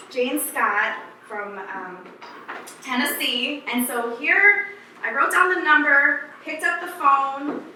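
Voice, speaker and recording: A woman's voice: high voice, bright, forceful tone, a little hiss or hum. A woman in her thirties, born in Laos, telling her family's story at an exhibit opening without a prepared speech, earnest and emotional. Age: 30s. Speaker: author speaking at an exhibit opening. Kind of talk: unprepared personal storytelling. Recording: echoey room, voice from far off.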